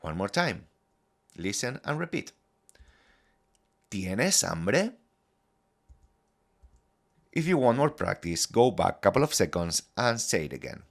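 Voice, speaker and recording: A man teaching a scripted Spanish lesson, modelling phrases clearly and deliberately for learners to repeat. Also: fairly low pitch, very animated.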